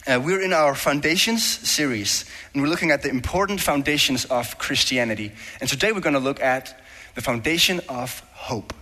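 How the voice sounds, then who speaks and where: A man's voice: medium pitch, moderate pace, pushed and bright. A young man from Denmark with a Danish accent, preaching a sermon in a joking, self-deprecating, conversational way. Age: young adult. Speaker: guest preacher. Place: church hall. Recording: long hall reverb.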